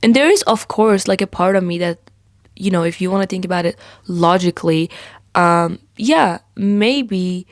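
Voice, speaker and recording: A woman's voice: on the low side, moderate pace, dry recording, clean studio sound. A young woman vlogger casually telling a personal story, chatty and full of fillers and quoted asides, swearing freely.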